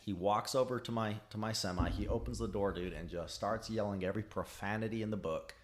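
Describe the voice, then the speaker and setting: A man's voice: on the low side, brisk. A young man telling a work story in casual chat, swearing freely and acting out the people he quotes. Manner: profane, animated storyteller who acts out quotes. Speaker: podcast guest.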